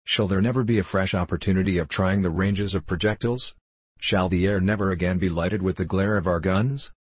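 A blustering, warmongering old gunnery veteran in a deep, husky voice, as a male audiobook reader puts him on. The sound is close and dry, with no room around it. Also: fairly even intonation, fairly quick, dry recording. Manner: blustering, indignant outbursts. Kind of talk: audiobook character reading.

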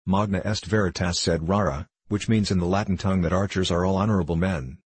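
A man reads an old adventure novel aloud in a steady, measured way. His voice is deep and husky, and the sound is close and dry. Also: no echo. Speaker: narrator. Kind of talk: audiobook reading of a historical novel.

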